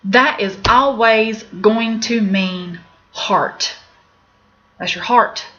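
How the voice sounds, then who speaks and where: A woman's voice: mid-range voice, drawn-out words, a bit bright. A middle-aged woman with an Appalachian accent, teaching a casual recorded lesson on medical terms in a candid, chatty way. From Appalachian United States. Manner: candid, chatty, laughs at own jokes. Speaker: medical office instructor. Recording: slightly dull lo-fi recording with faint background noise.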